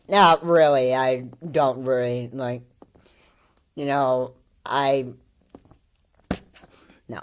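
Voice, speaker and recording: A man giving casual, mocking commentary on a video, rambling with many fillers and restarts and laughing often. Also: fairly high pitch.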